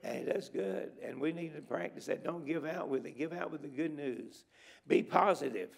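Gravelly, exhorting man preaching. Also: fairly high pitch, moderate pace. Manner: exhorting, repeats words for emphasis. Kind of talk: emphatic revival sermon. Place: church sanctuary at a conference.

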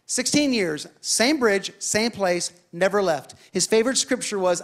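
High-voiced preaching man. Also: a little slow, creaky, few pauses. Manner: animated, building to shouted declarations. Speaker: pastor. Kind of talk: sermon storytelling.

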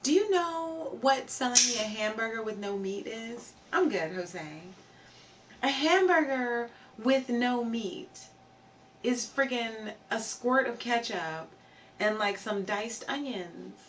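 A woman's voice: fairly high pitch, animated, takes it slowly, a bit bright. A young woman chatting casually on a live stream, greeting viewers from chat as she talks. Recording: slightly distant mic, faint background noise.

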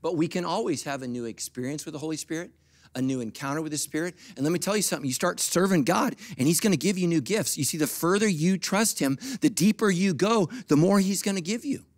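A middle-aged man preaching a sermon as pastor, jumping between quiet asides and loud animated peaks, with humorous asides to the congregation. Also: a little high, fast talker. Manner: animated preaching with big swings from soft to loud.

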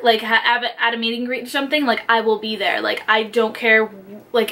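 A young woman, a beauty YouTuber, chatting casually as she unboxes a swap package, excitable and full of "like" fillers. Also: on the high side. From New York area.

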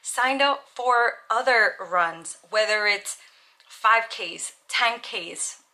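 Chatty, bright-voiced young woman vlogger. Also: a little high, slow pace. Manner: chatty, earnest, lots of "like". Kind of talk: casual vlog monologue.

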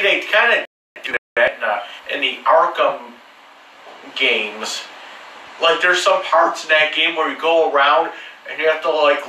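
Man, casual profane monologue, bright tone, roomy echo with faint background noise. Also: a little high. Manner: crude, profane and joking, with many restarts. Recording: echoey room, mic far off.

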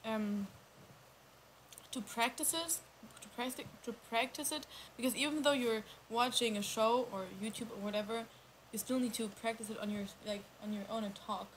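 A woman's voice: fairly high pitch, steady tone, moderate pace, poor audio. A young woman talks casually in English on a livestream, thinking aloud as she goes. Her sentences wander and restart, filled with ums and little stumbles. A faint hiss sits under her voice. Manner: rambling, hesitant with many ums and restarts. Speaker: livestream co-host. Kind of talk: casual chat.

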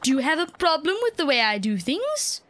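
A woman's voice: sits high, big pitch swings, brisk, fairly bright tone, a little hiss or hum, voice pushed up. A woman voicing a smug, scheming older woman fortune teller in a haughty, sing-song, menacing way.

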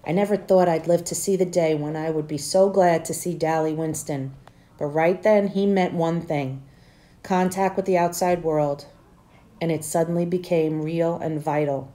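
A teacher reading a novel aloud to her students, with plain narration and livelier, louder dialogue. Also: low-pitched, fairly even intonation, normal speed.

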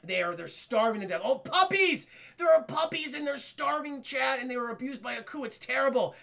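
A male streamer with a high, gravelly voice recaps a cartoon casually, rambling and excitable and swearing freely. His tone is strikingly bright and edgy. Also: fairly quick. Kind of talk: casual profane scene recap.

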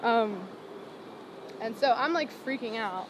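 A woman's voice: fairly high pitch, expressive, takes it slowly. Chatty young woman, street noise behind. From Los Angeles. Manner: chatty, many "like" fillers, laughs often. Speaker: singer-songwriter guest. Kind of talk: casual interview storytelling. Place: outdoors on a city sidewalk.

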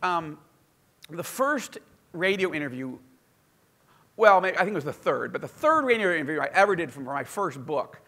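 An American man, an author, telling a story in casual talk, animated and self-deprecating. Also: on the high side, moderate pace, pauses often. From United States. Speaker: author and podcast guest.

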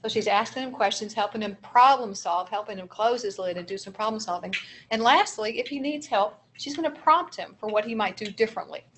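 A woman's voice: mid-range voice, fairly quick, a bit bright, slight background noise. A woman presenting a training seminar for early childhood educators, explaining strategies with step-by-step examples in an encouraging manner.

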